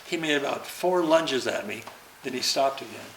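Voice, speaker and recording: An older man tells an old stunt story with lively, hands-on energy, acting out the beats as he goes. His voice sits in a roomy space, with a faint hiss in the background. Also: mid-range voice, normal speed. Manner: animated, acts out the action with sounds and laughter. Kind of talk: anecdotal storytelling. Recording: roomy recording.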